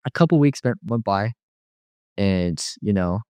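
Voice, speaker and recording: Give me a man with a lower voice recounting his testimony in a loose, rambling way, recorded dry. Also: expressive, unhurried, a little mellow, clean tone, dry recording. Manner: rambling, filler-heavy retelling with frequent "you know". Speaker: guest telling his life story. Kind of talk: personal testimony.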